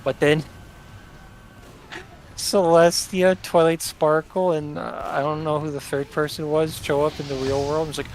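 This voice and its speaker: A man's voice: on the high side, flat delivery, measured pace, a little mellow, slight background noise. A young man streaming a game, chatting casually in a blunt and opinionated way.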